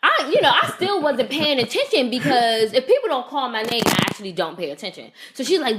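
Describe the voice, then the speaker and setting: A woman co-hosting a podcast, telling a story in a casual, animated rant and swearing freely. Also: high-pitched, brisk, few pauses, noisy background. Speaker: podcast co-host. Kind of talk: casual chat.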